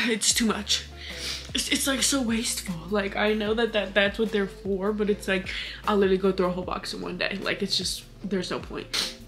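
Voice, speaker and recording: A woman in her twenties talks straight to camera in a loose, chatty vlog style. Her speech is packed with fillers and casual swearing. Her voice sits at an ordinary pitch for a woman, with soft music playing faintly behind her. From Hawaii. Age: 20s. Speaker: vlogger.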